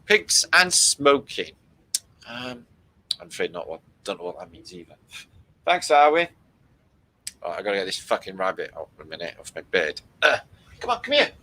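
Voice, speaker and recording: Sweary man, bright voice, rambling. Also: sits low, very animated, moderate pace, long pauses, poor audio. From Britain. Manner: rambling, sweary, reads out chat comments. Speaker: livestream host. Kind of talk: casual livestream chat with viewers.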